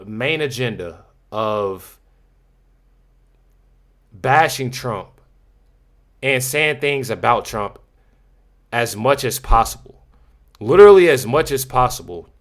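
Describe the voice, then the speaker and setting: A man's voice: medium pitch, a bit bright. A man giving casual reaction commentary to his viewers, talking emphatically and repeating himself, often addressing them as y'all. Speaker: YouTube commentator.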